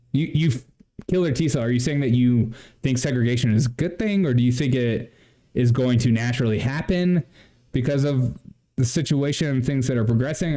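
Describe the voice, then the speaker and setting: Sarcastic dude hosting a comedy stream, kinda dark warm voice, keeps laughing and talking to chat. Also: male voice, mid-range voice. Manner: mocking, laughing, chatty with viewers. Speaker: livestream host. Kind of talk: sarcastic comedy livestream commentary.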